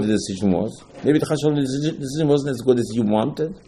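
A man with giving an informal Torah lecture, rising to emphatic questions and dropping low again. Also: quick pace, few pauses, warm tone, low-quality recording. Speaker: rabbi giving a talk.

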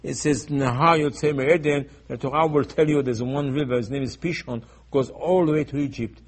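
A man preaching a sermon, swinging between loud emphatic bursts and low, quiet asides. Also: fairly even intonation, moderate pace.

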